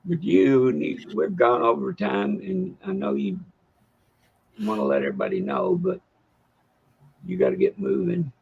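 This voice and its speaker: A man's voice: sits high, wildly swooping pitch, normal speed, gravelly, pauses often, breathy edge, phone-quality sound. A man co-hosting a casual livestream chat, drawling and easygoing. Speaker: co-host.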